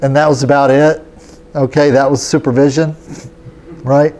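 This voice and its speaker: Easygoing man telling a story, mellow voice. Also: medium pitch, level tone, moderate pace. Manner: casual and chatty, often checks in with "okay?". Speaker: yoga teacher. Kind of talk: storytelling in a lecture.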